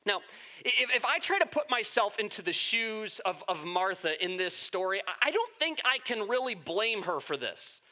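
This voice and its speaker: A pastor preaching a sermon in a church with animated, playful storytelling. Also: male voice, sits high, moderate pace.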